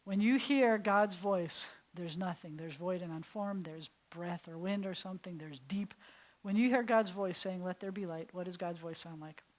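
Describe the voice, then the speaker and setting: A woman rabbi teaching a Hebrew class, explaining with enthusiasm and often dropping to soft, breathy whispers for emphasis. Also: on the low side, moderate pace, low-quality recording. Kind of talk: classroom lesson. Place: synagogue classroom.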